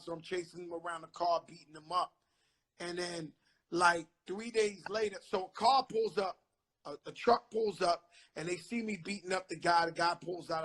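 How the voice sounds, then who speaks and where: A man with a New York accent hosting a casual live-stream chat, telling street stories in an animated way, swearing a lot and acting out the lines he quotes. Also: high voice. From the Bronx, New York. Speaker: host. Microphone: phone on a live video stream.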